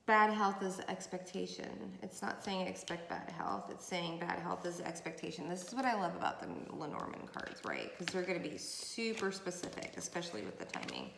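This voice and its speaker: A woman's voice: fairly low pitch, very animated, normal speed, vocal fry, hardly any pauses, a bit bright. A woman giving a chatty, rambling tarot reading with many fillers, recorded on a camera mic. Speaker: tarot reader. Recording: echoey room with faint noise.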